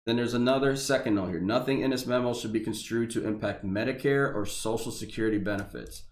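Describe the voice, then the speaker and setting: A man's voice: medium pitch, quick pace. A man reading a government memo aloud and ranting about it, heated and profane, stumbling over restarts. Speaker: veteran reacting to a government memo. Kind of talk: angry ranting commentary. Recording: echoey room.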